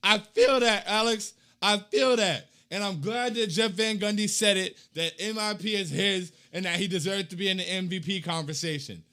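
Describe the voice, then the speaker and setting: Young guy hosting a postgame chat, high voice, goes from yelling to mumbling, lots of slang. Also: moderate pace, few pauses. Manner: hyped, slangy, swings from loud chants to low mutters. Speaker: host reading fan comments.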